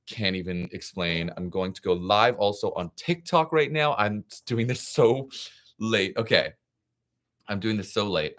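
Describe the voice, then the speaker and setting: A young man hosts a live reaction stream, chatty and excitable, offering frank opinions in a scattered, casual way. His voice sits low.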